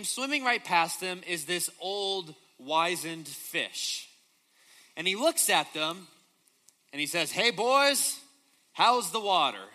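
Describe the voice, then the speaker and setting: A man's voice: a little high, bright, forceful tone. A young man preaching a sermon, telling a story and asking the crowd rhetorical questions.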